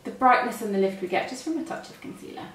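A British makeup artist talks through each step of her demonstration as she works. Her voice is on the high side, fast, a bit bright, with lively intonation, and the room echoes with the mic set a little far off.

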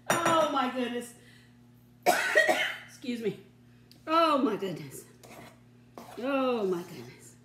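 An older woman hosts her home cooking show with a high, bright voice, chatting slowly and folksily and breaking into giggles. She is recorded in a roomy kitchen that gives her voice a clear echo. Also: very animated, slight background noise. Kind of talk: casual home cooking demonstration.

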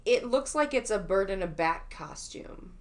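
A woman's voice: medium pitch, animated, measured pace. A woman co-hosting a podcast, chatting casually in a playful, teasing way. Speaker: guest co-host. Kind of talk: casual chat.

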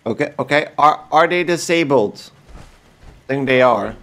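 A man's voice: medium pitch, expressive, unhurried, fairly bright tone. A man casually commenting on his own video game play, curious and thinking aloud. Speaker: gameplay commentator.

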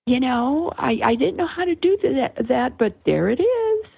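An older woman, a guest author on an interview, explaining things in a slow, searching way with many fillers and restarts over a phone line. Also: high-pitched, big pitch swings, creaky, slightly rough, no room sound. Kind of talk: reflective conversational explanation. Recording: tinny phone-line sound.

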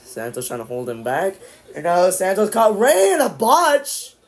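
A man streaming live, casually calling the action play-by-play, with sudden excited outbursts. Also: sits high, measured pace. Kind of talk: live watch-along commentary.

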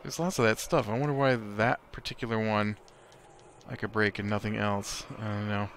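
A man's voice: lowish voice, steady tone, moderate pace, a bit bright, slight background noise. A man hosting a let's play, giving casual gameplay commentary in a chatty way, reacting aloud to the game and laughing often.

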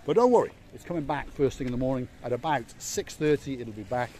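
A man at an ordinary middle pitch hosts an outdoor walking tour along a seaside promenade. He talks in a playful, jokey way and likes to repeat words for emphasis. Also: expressive, quick pace, mellow, slight background noise. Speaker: vlog host and tour guide.

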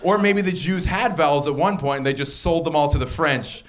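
A man's voice: fairly high pitch, fairly quick, noisy background. A man performing a stand-up comedy set on a club stage, talking wryly and jumping his voice up for punchlines. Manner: wry and animated, voice jumps up for punchlines.

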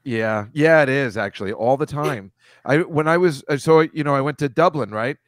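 A man's voice: mid-range voice, moderate pace, no echo. A middle-aged man, a comedian, chatting on a live stream video call. He laughs often and wanders through long anecdotes, and his sound is close and dry. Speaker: comedian guest. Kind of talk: casual chat on a live stream.

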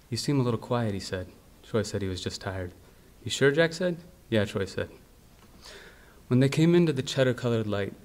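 A man with a somewhat low voice reads his own literary prose aloud at a university library event. His delivery is steady and measured, and he keeps the dialogue quiet and understated. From United States. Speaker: author reading his fiction.

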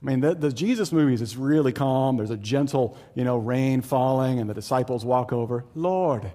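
A man preaching a sermon as pastor, talking to the congregation in a conversational way and swinging between loud, excited storytelling and low, hushed emphasis. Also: a little fast, in a large hall. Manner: conversational, with fillers and asides to the congregation.

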